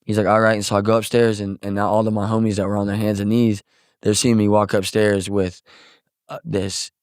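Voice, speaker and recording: Animated young man from Missouri, storytelling. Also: lowish voice, a little fast, dry recording, studio quality. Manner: animated storyteller acting out quotes, swearing freely. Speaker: guest musician. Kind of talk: casual storytelling interview.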